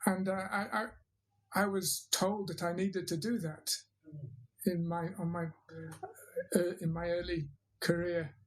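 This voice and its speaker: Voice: mid-range voice, flat delivery, unhurried, a little hiss or hum, poor audio. Thoughtful teacher. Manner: thoughtful, hesitant with fillers and restarts. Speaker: interviewed English teacher and trainer. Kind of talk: reflective interview answer.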